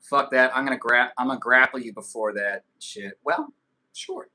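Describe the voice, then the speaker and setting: A man's voice: mid-range voice, fairly even intonation, bright, forceful tone. A man in his thirties hosting a casual live stream, reading viewer comments aloud and joking loosely with frequent swearing. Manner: loose, joking and profane, with quick asides. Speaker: livestream host.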